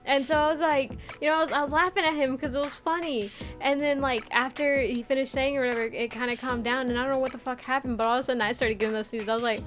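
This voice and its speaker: A woman's voice: high voice, steady tone, fast, hardly any pauses, a bit bright, faint music behind. A young woman streamer chatting casually with viewers, rambling with lots of filler words, swearing and laughing often. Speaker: VTuber streamer. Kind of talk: casual chat reading viewer comments.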